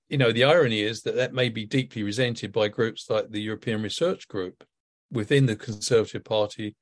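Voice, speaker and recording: A man giving political commentary as a podcast guest, measured and hedging his points. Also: lowish voice. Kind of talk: political commentary in casual chat.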